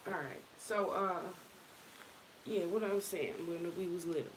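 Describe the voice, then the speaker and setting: Speaking at a moderate pace in a lowish voice, a woman runs a casual spiritual livestream, loose, sincere, and sprinkled with profanity, repeatedly stopping and restarting. Slight background noise can be heard.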